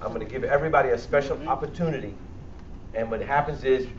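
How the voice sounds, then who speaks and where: With a mid-range voice and a quick pace, a man with a New York Bronx accent leads a church health session, joking and speaking plainly to those gathered. A little hiss or hum sits under the audio, which sounds dull and far away in the echoing hall.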